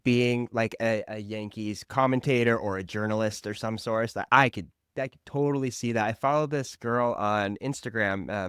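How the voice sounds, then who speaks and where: A man hosting a casual interview podcast, easygoing and agreeable, quick to laugh along. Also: lowish voice, a bit bright, smooth, no room sound, clean studio sound. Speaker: podcast host.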